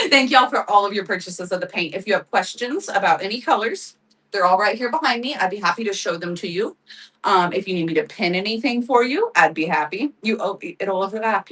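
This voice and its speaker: Animated and a bit bright at a medium pitch, this craft-selling host talks at a moderate pace during a casual livestream. She's far from the mic on a rough recording, laughing frequently and greeting viewers by name with thanks.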